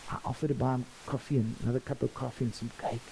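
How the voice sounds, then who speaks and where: A man's voice: mid-range voice, level tone, rapid-fire, vocal fry, warm tone, low-quality recording. Pastor guy preaching, acts out the conversations in his stories, faint hiss on the recording. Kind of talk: storytelling sermon.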